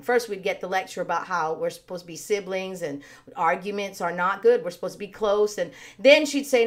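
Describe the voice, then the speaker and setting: A woman leading an online worship service, preaching in an earnest, conversational way with a slightly raspy voice. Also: medium pitch, normal speed. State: a little raspy. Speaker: worship leader. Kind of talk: sermon with worship singing.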